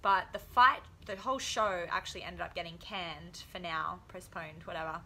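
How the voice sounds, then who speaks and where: Young woman, casual vlog storytelling, crisp bright tone, faint hiss behind. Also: fairly low pitch, normal speed. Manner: chatty, laughs often, acts out quotes. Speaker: vlogger, professional boxer.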